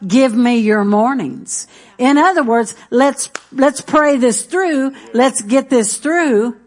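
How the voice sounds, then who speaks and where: A woman's voice: high-pitched, slow pace, a little mellow. A middle-aged woman, preaching a sermon in a conversational way, with asides and restarts aimed at the congregation. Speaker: pastor.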